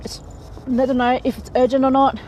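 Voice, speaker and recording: A woman with a high, darkish voice talks briskly and with flat delivery, the audio poor. In a casual to-camera advice chat she stays frank and talkative, often laughing lightly mid-sentence against faint background noise.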